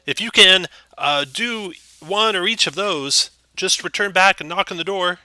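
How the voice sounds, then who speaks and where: A man's voice: a little slow, smooth, dry recording, full character voice. A man voicing a nervous male townmaster who talks through a closed door, raised and hesitant. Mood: fretful. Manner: higher, louder, hesitant and fretful.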